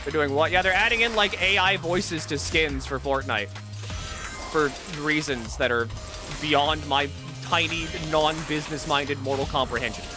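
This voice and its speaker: A man streaming a video game, giving profane, animated commentary while he plays. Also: fairly high pitch, normal speed. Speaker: gaming streamer. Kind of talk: live-stream gameplay commentary. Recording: game music behind the voice.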